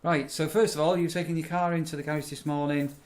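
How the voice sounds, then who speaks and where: A middle-aged man, chatting casually and rambling through animated stories. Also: a little high, quick pace. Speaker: vlogger, campsite warden. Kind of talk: casual chat.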